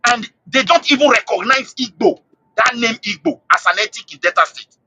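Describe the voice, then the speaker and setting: A man calling into a live show, his voice set high and swinging widely in pitch as he pushes his case. The tone is bright and a little husky, and he keeps restarting and repeating phrases for emphasis. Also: animated, moderate pace, dull audio. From Nigeria. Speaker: call-in guest. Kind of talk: impassioned political commentary.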